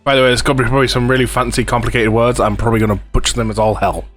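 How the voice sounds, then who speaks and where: A man's voice: medium pitch, level tone, dry recording, faint music behind. Laid-back male gamer, dry close mic. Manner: self-deprecating, quick asides. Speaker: gaming channel host. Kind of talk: casual let's play commentary.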